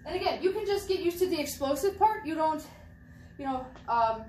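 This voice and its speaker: A woman's voice: sits high, lively intonation, fairly quick, darkish tone, slight background noise. A young adult woman coaching shot put technique in a casual, demonstrating way, often restarting and repeating phrases as she moves. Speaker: track and field throwing coach. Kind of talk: casual instructional talk while demonstrating. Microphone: camera mic at a distance. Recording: distant camera mic with echo and faint ambience.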